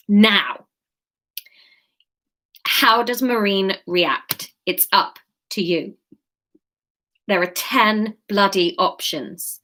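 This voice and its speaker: A woman's voice: mid-range voice, slow pace, pauses often, pushed and bright. A woman hosting an interactive live-stream story, reading it aloud and breaking off for chatty asides to viewers. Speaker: host and storyteller.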